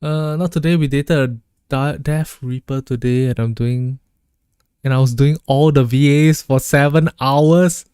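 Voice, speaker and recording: A man's voice: mid-range voice, steady tone, unhurried, warm tone, smooth, dry recording, clean studio sound. A man streaming a game, chatting casually with his chat and joking around. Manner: joking, laughs often, reads chat aloud.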